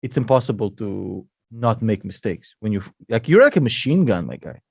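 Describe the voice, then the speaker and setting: A man's voice: fairly low pitch, sing-song, normal speed, gravelly, darkish tone, breathy edge, no room sound, studio quality. A man, an investor and podcast co-host, chatting casually and joking a lot. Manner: laughs a lot, calls people bro.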